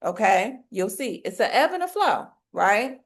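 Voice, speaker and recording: A woman's voice: medium pitch, sing-song, a little slow. Preachy woman coach, folksy faith-filled talk. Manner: preachy, faith-filled, rhetorical questions, colloquial. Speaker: business coach for hairstylists.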